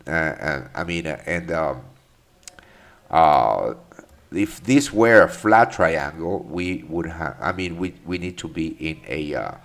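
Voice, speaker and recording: Deep-voiced man on a live trading stream. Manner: loose and profane, many fillers and restarts. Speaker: trading stream host answering chat questions. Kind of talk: casual live market commentary.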